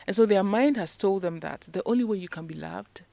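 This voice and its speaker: A woman's voice: mid-range voice, brisk, vocal fry, warm tone, dry recording. A woman, a guest strategist on a radio interview, explaining ideas in a teaching way and posing rhetorical questions. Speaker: leadership and communication strategist, guest. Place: radio studio.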